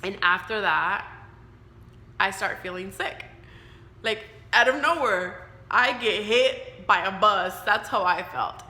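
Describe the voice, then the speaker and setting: A woman's voice: mid-range voice, slow, sharp tone. A woman in her thirties telling a personal story in a casual, candid way, sometimes with profanity, acting out the voices of people she quotes. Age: 30s. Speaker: vlogger sharing her cancer story. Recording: echoey room with faint hiss.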